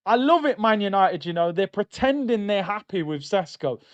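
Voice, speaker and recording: A young man calls a live football match for his stream viewers, excitable and full of slang. His voice sits high for a man. The audio is dry and a little muffled, like a home streaming setup. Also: moderate pace, no echo. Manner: excitable, slangy, shouts at big moments. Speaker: football watchalong host. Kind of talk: live football watchalong commentary. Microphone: streaming mic.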